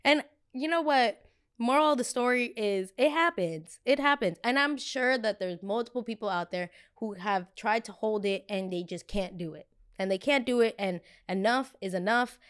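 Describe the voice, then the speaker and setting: Young woman podcast host, candid confessional storyteller, smooth clear voice, animated and salty. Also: a little high, moderate pace. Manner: candid, animated, swears freely.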